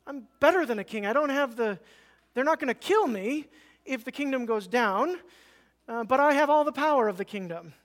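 A preacher briefly voicing a proud male royal treasurer who is self-important and brushes people off, in a brisk, offhand way. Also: high voice, expressive. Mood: haughty. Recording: long reverb.

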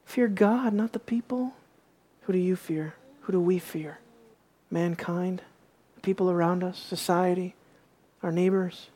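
A woman's voice: lowish voice, fairly even intonation, a little slow, warm tone. A woman preaching a sermon, reading scripture aloud with emphasis and asking her listeners questions.

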